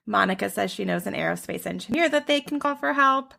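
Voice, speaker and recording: A woman hosting a podcast, quickly retelling a TV episode in casual chat and laughing often. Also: medium pitch, lively intonation, gravelly, bright, forceful tone. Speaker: podcast host.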